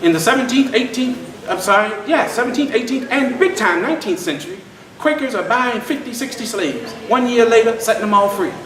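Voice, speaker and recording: High-voiced folksy male storyteller, far off. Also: lively intonation, a little fast. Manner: folksy, addresses crowd as y'all. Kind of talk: live storytelling to an audience. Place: historic site event. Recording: echoey room from far off.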